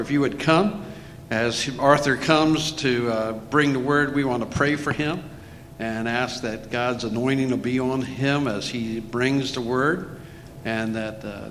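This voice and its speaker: A male pastor announces an offering in a church and leads an earnest prayer, pausing often as he goes. His voice carries long reverb, with a faint low rumble underneath. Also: a bit bright. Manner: earnest, with pauses and fillers. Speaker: pastor introducing the speaker. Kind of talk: leading an offering and opening prayer.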